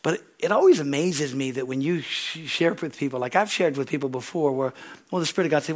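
High-voiced pastor, lively storytelling sermon. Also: male voice, brisk. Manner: animated storytelling, acts out dialogue, laughs often.

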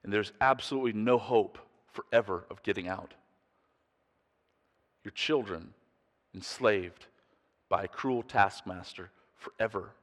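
Deep-ish guy preaching hard, lots of pointed questions, big echoey hall. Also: measured pace, long pauses, a bit bright. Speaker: pastor. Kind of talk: sermon.

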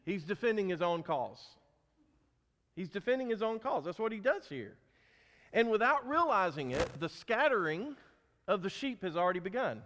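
A man's voice: high voice, sing-song, moderate pace, fairly bright tone, in a large hall. A man preaching a sermon, emphatic and asking his listeners questions as he teaches. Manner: emphatic, asks the congregation questions. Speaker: pastor.

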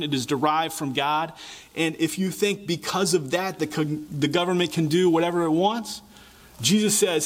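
A man preaching a sermon, earnest and rhetorical, posing questions to his listeners and repeating words as he builds his points. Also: a little high. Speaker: pastor.

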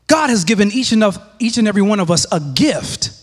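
A man preaching a sermon in a church, emphatic and repetitive, often dropping to a hushed low voice for weight. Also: sing-song, fast talker, in a large hall. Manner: emphatic, repeats phrases, drops to hushed lows.

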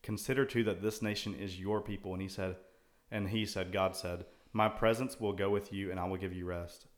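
A man's voice: deep voice, fairly even intonation, fairly quick. A man co-hosting a casual Christian talk show, thoughtfully quoting and explaining scripture at length. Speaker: co-host. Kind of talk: casual Bible discussion.

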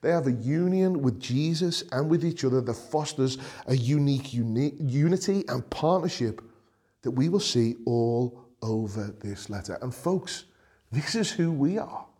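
A middle-aged man with a Liverpool accent preaching a sermon, earnest, repeating phrases for emphasis, swinging between raised and hushed delivery. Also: medium pitch, animated, moderate pace. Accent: Liverpool (Scouse). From Liverpool, England. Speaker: pastor.

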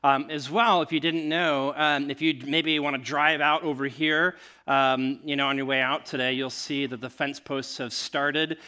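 A male pastor speaks to his congregation in a bright voice that sits a little high. His delivery is halting, full of fillers and restarts, and he shifts between a prayer and a story told in a sermon. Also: clean tone. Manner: hesitant, many fillers and restarts; grows animated and laughing while telling a story.

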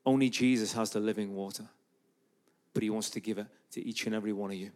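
Talking fast in a lowish voice, a man from Ireland preaches in a church. He's a guest preacher and street evangelist, and his sermon is an animated story full of acted-out dialogue.

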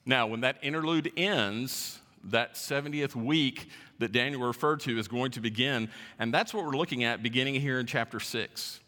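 A man's voice: medium pitch, pushed and bright. Man preaching in an echoing hall. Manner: teaching verse by verse, stressing key words. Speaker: pastor. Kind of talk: sermon. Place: church sanctuary. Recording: reverberant hall.

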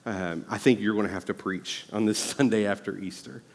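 A male pastor preaching a sermon, telling a personal story earnestly and rising to loud, emphatic exhortation. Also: on the low side, steady tone, fairly quick, creaky, in a large hall.

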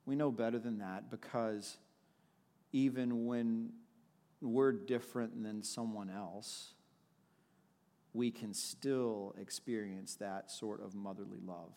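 A man's voice: fairly low pitch, steady tone, slow pace, warm tone, long reverb tail. A man preaching a sermon, telling personal stories in a reflective way with frequent restarts. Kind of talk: sermon with storytelling.

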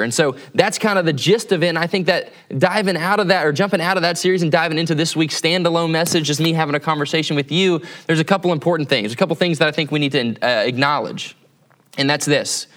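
A man's voice: a little high, fast talker, a bit bright. A man preaching as a campus pastor in a conversational sermon, often checking in with tag questions.

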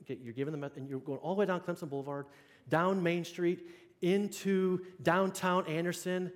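A man's voice: sits high, steady tone, normal speed. A man preaching a sermon to his congregation in a chatty, conversational way, often asking whether they are following along. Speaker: pastor. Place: church sanctuary. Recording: long hall reverb.

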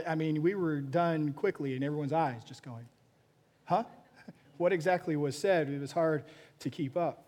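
A pastor preaching a sermon, telling a story with frequent restarts and repeated words. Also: male voice, sits high, darkish tone.

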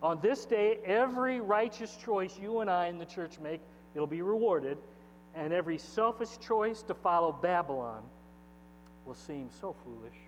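High-voiced preaching man in an echoey hall. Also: lively intonation, normal speed. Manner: expository preaching, reading scripture aloud with emphatic swings in loudness. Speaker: pastor. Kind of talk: sermon. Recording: dull echoey hall with mains hum.

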